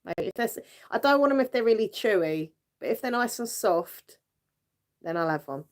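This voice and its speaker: A woman's voice: fairly high pitch, lively intonation, normal speed. A British woman hosting a casual livestream, chatting with viewers in a giggly way and using lots of fillers. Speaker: livestream host. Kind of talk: casual live chat with viewers.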